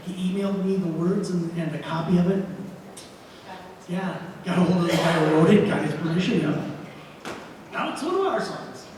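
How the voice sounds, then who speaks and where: A man's voice: sits high, animated, normal speed, noisy background. A man casually telling the audience a story between songs at a live gig, with restarts. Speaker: folk group member. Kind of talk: on-stage anecdote to audience. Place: live gig in a gallery venue. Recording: echoey hall from far off.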